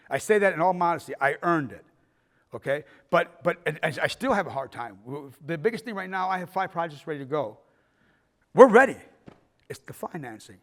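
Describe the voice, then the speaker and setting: A middle-aged man with a fairly high, slightly bright voice gives a filmmaking workshop talk in an arts center auditorium. He tells stories, acting out quotes and letting the odd swear slip.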